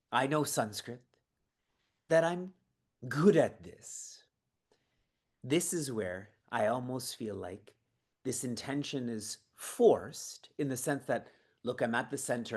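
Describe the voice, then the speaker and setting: A man's voice: mid-range voice, animated, moderate pace. A man running an online training session from his prayer room, asking the audience questions and laughing between points. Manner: engaging, asks the audience questions. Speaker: seva training guide.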